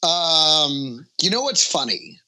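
A middle-aged man guests on a podcast as a comedian, joking around in easy conversation with plenty of filler words. His pitch swings a lot, and his tone stays bright. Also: very animated, slow, rough recording. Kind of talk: casual podcast chat.

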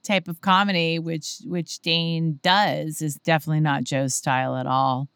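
Woman telling stories in a casual chat, lowish voice, acts out the quotes, super dry close sound. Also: normal speed, clean tone, no echo. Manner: animated storyteller, acts out quotes, laughs often. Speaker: comedy club manager, podcast guest.

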